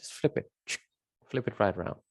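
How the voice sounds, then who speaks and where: A man's voice: normal speed, no echo, clean studio sound. A man giving an unscripted spiritual monologue, emphatic and rambling, repeating his key words with many fillers. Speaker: spiritual teacher.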